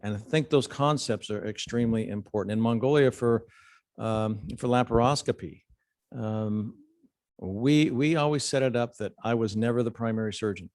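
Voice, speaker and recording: A man's voice: mid-range voice, normal speed, darkish tone, dry recording. A man, a surgeon, answering audience questions in a thoughtful, explanatory way with occasional restarts. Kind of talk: lecture Q&A answer.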